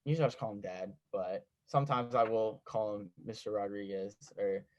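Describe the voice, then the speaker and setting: A man's voice: on the low side, steady tone, brisk, a little mellow, dull audio. A teenage boy co-hosting a podcast, telling an anecdote in a laid-back way and acting out the quotes. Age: teens. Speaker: podcast co-host. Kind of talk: casual podcast storytelling.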